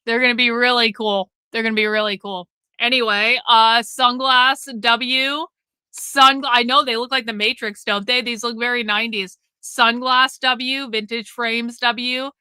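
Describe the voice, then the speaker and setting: Woman streamer ranting and cussing, high pitched, dry close sound. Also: steady tone, unhurried, sharp tone, smooth, dry recording. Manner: profane, repetitive, emphatic ranting. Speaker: livestream host. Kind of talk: live commentary stream.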